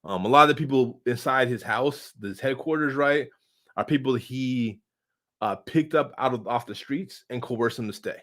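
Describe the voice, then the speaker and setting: A man casually answering viewer comments in a loose, slangy, rambling way, full of fillers and sudden swings in loudness. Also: medium pitch, moderate pace. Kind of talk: casual unscripted political commentary.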